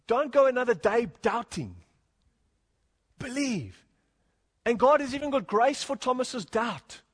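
A man's voice: sits high, in a large hall. A man preaching a sermon, reading scripture and urging his congregation, whom he calls "folk". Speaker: pastor.

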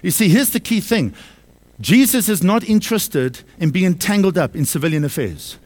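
A man's voice: high-pitched, expressive, normal speed, darkish tone. A man preaching a sermon to his congregation, emphatic, repeating key phrases and asking them questions. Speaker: pastor. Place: church service.

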